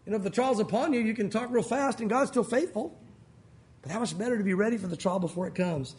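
A man preaching a sermon as pastor, animated and earnest, his voice rising and falling. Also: high-pitched, fast talker.

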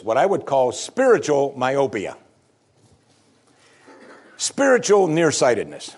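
A man's voice: mid-range voice, husky. A man preaching a sermon, reading scripture dramatically and explaining it to the congregation. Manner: dramatic scripture reading, rising loud for the psalmist's lament.

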